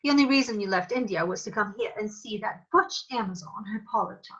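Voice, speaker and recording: A woman's voice: medium pitch, slow pace, sharp tone, dull audio. A woman voicing a proud, jealous fairy queen who speaks in an imperious, accusing way. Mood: scornful. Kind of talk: theatrical acting demo.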